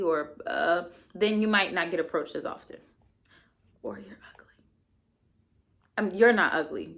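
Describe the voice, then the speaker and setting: A young adult woman hosting her own podcast, giving a casual solo recap in a sassy, blunt and profane way with playful asides. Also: on the low side. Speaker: podcast host.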